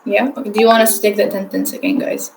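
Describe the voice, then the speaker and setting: A woman's voice: mid-range voice, very animated, racing, noisy background. A woman chairing a mock conference on a video call, patiently explaining procedure and checking that others understand.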